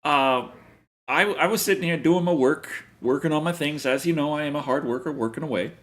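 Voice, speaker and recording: A man's voice: fairly high pitch, fairly quick, a bit bright. A man co-hosting a casual podcast, rambling through a story and laughing often. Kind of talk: casual chat.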